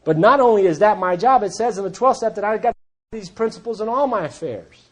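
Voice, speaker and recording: A man's voice: high-pitched, lively intonation, brisk. A man speaking at a recovery group meeting, telling his story in a blunt, plainspoken way with wry humor. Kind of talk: personal testimony talk.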